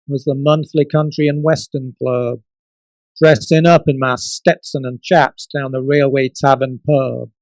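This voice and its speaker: A man's voice: fairly high pitch, a little mellow, no echo, low-quality recording. A man voicing a heartbroken urban cowboy in a mock American cowboy drawl, reciting rhymed lines in a comic sing-song way. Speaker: poet performing his poem. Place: book launch event.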